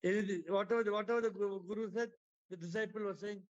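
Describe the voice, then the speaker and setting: Man with an Indian English accent, a spiritual teacher speaking high for a man, dull lo-fi call audio. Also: fairly even intonation, fast talker, a little mellow. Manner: storytelling, repetitive, asks the audience questions. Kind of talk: spiritual talk to an online audience. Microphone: video call.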